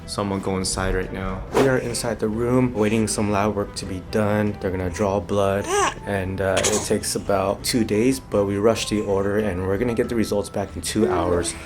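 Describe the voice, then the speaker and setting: A young man vlogging from his car and a clinic, talking earnestly to camera and softly to his baby. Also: lowish voice, steady tone, normal speed. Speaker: father vlogging his baby's doctor visit. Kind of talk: casual vlog talk to camera. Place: parked car, then a clinic. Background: music.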